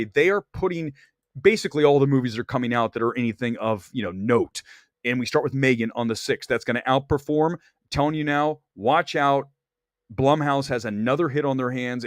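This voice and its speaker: A man hosting a movie talk show, delivering blunt, opinionated box office commentary and climbing high in pitch when he gets worked up. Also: no echo, studio quality. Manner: blunt, opinionated, straight-talking. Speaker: host.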